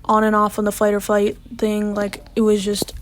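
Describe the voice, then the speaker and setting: This young vlogger's storytime comes in a monotone, mid-range voice at a moderate pace, with slight background noise. She's casual and chatty, saying "like" a lot, and her voice falls to a whisper as she relives the panic.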